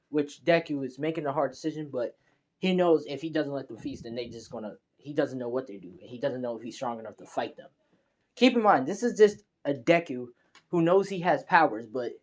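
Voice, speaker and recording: A man's voice: mid-range voice, darkish tone. A young man narrating a fan story casually, in a rambling, slangy way. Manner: rambling, slangy, many fillers and restarts.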